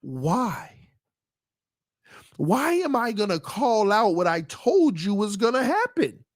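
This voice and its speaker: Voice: mid-range voice, sing-song, takes it slowly, no room sound, studio quality. A sports podcast host ranting heatedly to the live chat, making points emphatically and repeating them for emphasis. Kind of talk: livestream rant to the chat.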